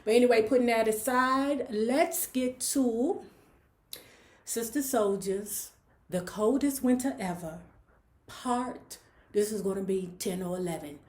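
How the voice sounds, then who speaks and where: A woman's voice: on the high side, measured pace, a little mellow. A woman hosting a casual book club read-along, talking frankly and checking in with her listeners. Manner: chatty, frank, frequent "okay?". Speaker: book club host reading a novel. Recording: roomy echo.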